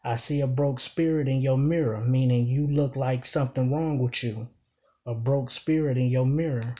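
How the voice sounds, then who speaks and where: A man talking casually through a battle rap, repeating each bar and pressing its meaning home. His voice is mellow and warm, with an ordinary mid pitch. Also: fairly even intonation, normal speed. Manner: emphatic, repeats lines while explaining. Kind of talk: casual breakdown commentary.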